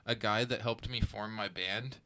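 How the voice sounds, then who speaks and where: A man, swearing freely as he tells animated anecdotes in casual chat. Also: lowish voice, normal speed.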